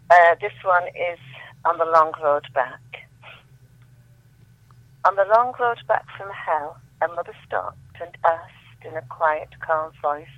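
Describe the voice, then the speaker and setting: A woman's voice: lowish voice, dry recording. Woman reading poems over a tinny phone line. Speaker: caller reading her poems. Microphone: telephone.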